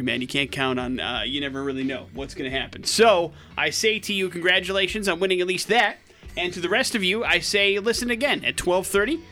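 A young man hosting a morning radio show, joking with his co-host and running a call-in contest. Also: on the high side. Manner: energetic, joking, talks listeners through a contest. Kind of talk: casual radio banter.

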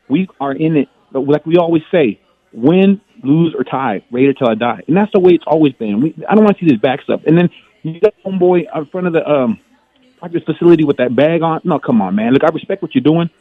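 Male caller, rapid impassioned fan rant, dry tinny phone audio. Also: mid-range voice, no room sound. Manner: passionate fan, rallying speech. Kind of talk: casual radio call-in. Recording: phone line.

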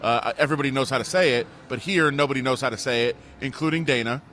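Male sports radio co-host, mid pitch, excitable and laughing. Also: fast, a little hiss or hum. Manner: excitable, laughs often, storytelling. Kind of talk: casual sports talk.

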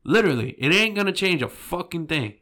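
A man's voice: high voice, lively intonation, a little fast, pushed and bright. A man co-hosting a podcast, talking in blunt, dismissive, teasing casual chat.

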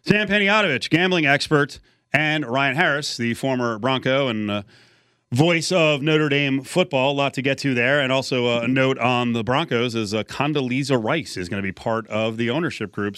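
A man's voice: mid-range voice, brisk, a bit bright, clean tone, no echo. A middle-aged man hosting a sports talk radio show, who reads promos and teases his co-host with wry questions. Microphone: studio microphone. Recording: dry studio sound.

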